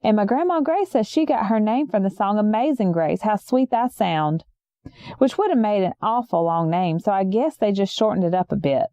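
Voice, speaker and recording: Young woman storyteller, folksy and rambling, mellow, dry close sound. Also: mid-range voice, animated, normal speed, no echo. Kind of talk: first-person story reading.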